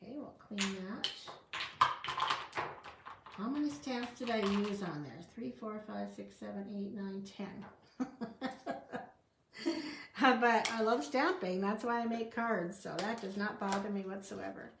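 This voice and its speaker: A woman's voice: medium pitch, a little slow, gravelly, echoey room, a little hiss or hum. A woman demonstrating card stamping in a chatty tutorial, talking to herself as she works. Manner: chatty, talks to herself while working, small laughs.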